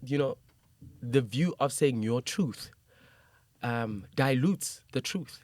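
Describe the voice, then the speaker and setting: A man hosting a podcast, making his points with emphasis and breaking into laughter now and then. His voice is mid-pitched and recorded dry and close, with no room echo. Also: slow. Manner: animated and emphatic, laughs often. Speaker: podcast host. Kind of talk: conversational podcast interview.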